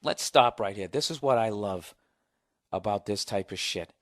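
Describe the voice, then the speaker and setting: A man's voice: on the low side, normal speed. Profane, sarcastic middle-aged man ranting. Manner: profane, sarcastic, animated storytelling. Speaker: podcast host. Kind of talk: solo comedic podcast rant and storytelling.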